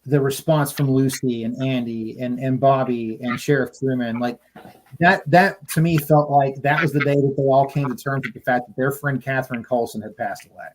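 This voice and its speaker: A man's voice: medium pitch, steady tone, normal speed. Man, podcast co-host, casual chat, effusive, stammering, light hiss. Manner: effusive, stammering restarts, emotional.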